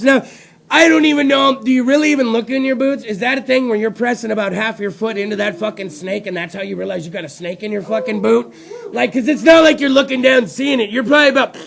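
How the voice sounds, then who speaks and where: A man with a very high voice and a gravelly, frying edge hosts a talk show. He talks in a rowdy, profane comedic rant, swearing freely and breaking into loud outbursts.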